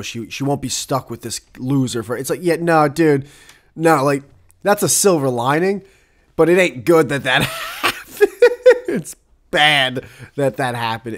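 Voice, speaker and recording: A young man hosting his own podcast alone, talking casually in a rambling, profane way that keeps breaking off into asides. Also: medium pitch. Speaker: podcast host. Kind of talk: casual solo podcast monologue.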